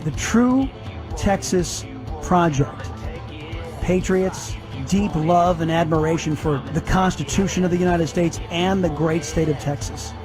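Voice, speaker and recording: A man's voice: on the high side, steady tone, normal speed, music in the background, poor audio. A man giving an earnest promotional speech for a political group, stressing key words by stretching them out. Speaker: speaker endorsing a political group.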